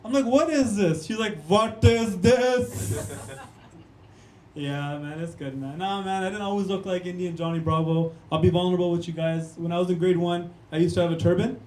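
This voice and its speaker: A man's voice: high-pitched, quick pace, few pauses, darkish tone, a little hiss or hum. A young man, doing a punchy stand-up comedy set on a club stage and talking straight to the crowd. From Canada. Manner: punchy, keeps calling the crowd "guys" and "man". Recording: echoey room.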